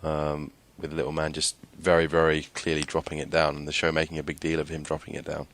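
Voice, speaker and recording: A man's voice: rumbling low, monotone, fast talker, a bit bright, slight background noise. A man co-hosting a podcast, talking in an easygoing, hesitant way with many fillers. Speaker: podcast co-host. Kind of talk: casual discussion.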